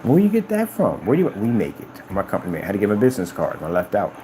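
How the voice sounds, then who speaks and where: A man talking casually on a live stream about his company's products, boastful and animated, often acting out conversations in a raised voice. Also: racing, a little hiss or hum, poor audio. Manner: animated, boastful, retells conversations in high-pitched quoted voices.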